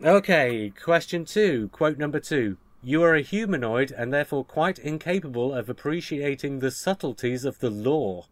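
A man's voice: medium pitch, expressive, normal speed, hardly any pauses, no room sound. A man hosting a quiz on a casual podcast, playful and reading out quotes with mock drama. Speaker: quizmaster.

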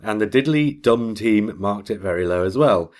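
A man hosting a podcast in casual chat, animated and jokey, reading out a listener's email. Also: lowish voice, normal speed. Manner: animated, jokey, laughs often. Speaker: podcast host.

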